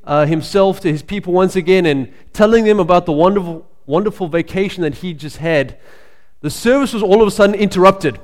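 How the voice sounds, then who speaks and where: A male pastor preaching a sermon in a conversational storytelling way, pausing with frequent fillers. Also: sits high, darkish tone. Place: church sanctuary. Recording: long reverb of a church hall.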